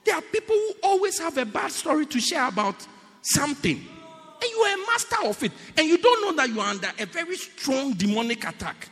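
A man preaching a sermon to a congregation in an animated, playful, teasing way, heard with long reverb in a church hall. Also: very high-pitched, fairly quick.

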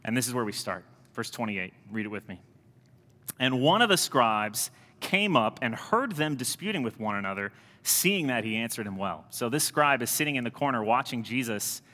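Male priest, lively conversational sermon delivery, bright, forceful tone. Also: on the low side, big-room sound. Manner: conversational, animated preaching with rising emphasis.

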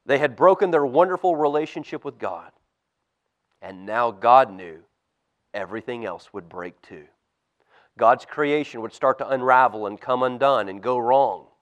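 A man, a pastor, reading a storybook aloud to children in church with expressive, animated storytelling. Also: mid-range voice, moderate pace, muffled recording. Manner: expressive storytelling, lively swings in loudness.

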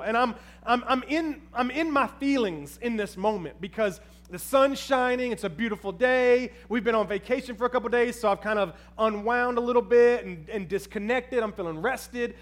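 High-voiced animated male preacher. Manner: animated storytelling, addresses the crowd as "y'all". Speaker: pastor. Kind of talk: sermon with personal story.

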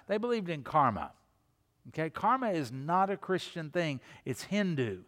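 A man preaching a sermon as pastor, expressive, repeating phrases and dropping his voice low and soft to stress a point. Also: moderate pace. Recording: long reverb of a large hall.

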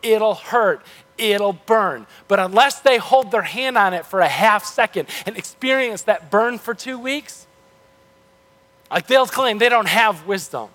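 A man's voice: sits high, animated, a little slow, a bit bright, in a large hall. A male pastor giving a sermon in a loose, conversational way with frequent restarts, heard in a church. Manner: casual, conversational, self-correcting.

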